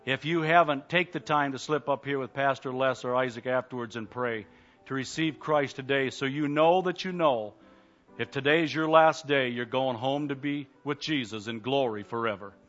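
A man preaching a sermon as pastor, fervent, swinging between loud urging and quiet pleading. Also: medium pitch, normal speed, lo-fi sound, faint music behind. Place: church.

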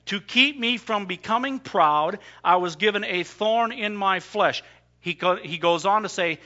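A man's voice: high-pitched, bright, forceful tone, lo-fi sound. A man preaching a sermon emphatically, voicing scripture in the first person. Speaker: pastor.

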